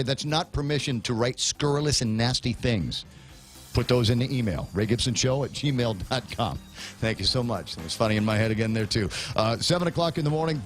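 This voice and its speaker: A man hosting a morning radio talk show, chatty and joking, often restarting his sentences and laughing at his own jokes. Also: medium pitch. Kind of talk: casual morning radio chat.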